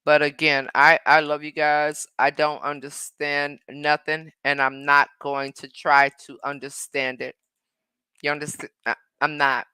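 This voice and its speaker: A woman on a live stream answers her viewers in a sassy, combative way. Her voice is bright and forceful but sits a little low. The sound is dry and close. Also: flat delivery, clean tone, dry recording. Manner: sassy and combative, with drawn-out mm-mms and terms like baby and honey. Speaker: live-stream host reading viewer comments. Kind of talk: casual live-stream chat.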